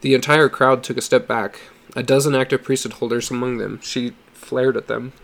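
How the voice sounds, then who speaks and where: A man reading a story aloud in a steady, measured narration. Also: medium pitch, gravelly. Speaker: audiobook reader.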